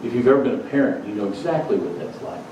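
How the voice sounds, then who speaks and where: A male pastor preaching a sermon in a relaxed, conversational storytelling way. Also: lowish voice, fast talker, slight background noise. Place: church sanctuary. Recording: echoey sanctuary, distant dull mic.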